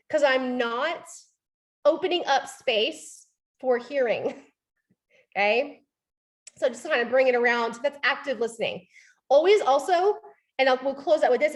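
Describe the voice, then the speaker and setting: A young adult woman with a high voice leads a live sales training session. She talks in a chatty, informal way, leaning on "like" and "right?". She slips into short acted lines to show how a customer might talk. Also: a little slow. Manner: frequent "like" and "right?" fillers.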